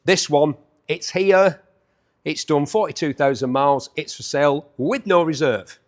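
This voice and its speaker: A man's voice: a little high, a little slow. A man in his fifties hosting a chatty, jokey walkaround preview of bikes up for auction. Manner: chatty, enthusiastic, jokey asides.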